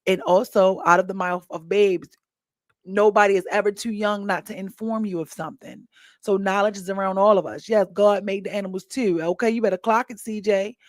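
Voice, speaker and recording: Female podcast host, animated and chatty, mid-range pitch, dry room. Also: fairly quick, no room sound. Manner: chatty, animated storytelling with asides to listeners. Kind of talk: casual monologue.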